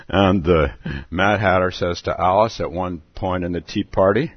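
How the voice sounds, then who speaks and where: A man's voice: deep voice, steady tone, slow, pauses often, no echo, muffled recording. A man giving a reflective Zen dharma talk, musing aloud and chuckling between thoughts. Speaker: Zen teacher.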